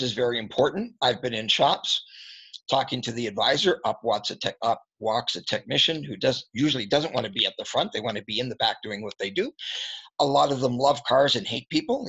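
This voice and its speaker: Gravelly husky guy coaching service advisors, candid stories, keeps clearing his throat, kinda dull lo-fi sound. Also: mid-range voice, fairly quick, a bit bright. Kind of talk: storytelling training talk. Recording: dull lo-fi recording.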